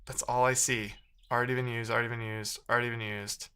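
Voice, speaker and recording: A man's voice: mid-range voice, little pitch movement, fast, sharp tone, smooth. A man live-streaming himself debugging code, thinking aloud and trading sarcastic banter with his chat. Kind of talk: casual live-stream coding commentary.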